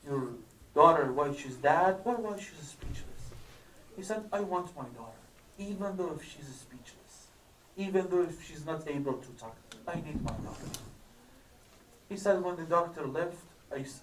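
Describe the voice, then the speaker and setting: A man telling a tearful story at a religious gathering, his voice rising higher and louder as the story builds. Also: echoey room, distant mic, slight background noise, rough recording. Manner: grows louder, higher and crying-like as the story peaks. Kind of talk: emotional story sermon. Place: mosque hall.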